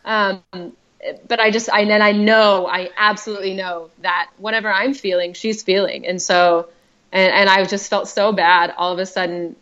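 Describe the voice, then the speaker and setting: A woman's voice: mid-range voice, flat delivery, moderate pace, a bit bright, clear, resonant tone, highs cut off. A woman telling her own story as a podcast guest, chatty and heartfelt, with many fillers and restarts. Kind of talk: personal storytelling.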